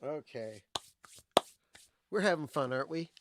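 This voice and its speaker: The audio is very noisy as a livestream host, his voice fairly high and animated, talks unhurriedly about old singles and their B-sides. Showing off records, he drifts from topic to story in a casual, digressive ramble thick with fillers.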